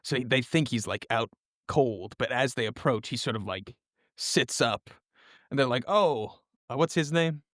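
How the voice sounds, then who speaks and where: A man co-hosting a casual podcast, pitching story ideas in easygoing, halting bursts. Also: fairly bright tone, no echo, studio quality. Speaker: podcast co-host. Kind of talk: casual story-planning chat.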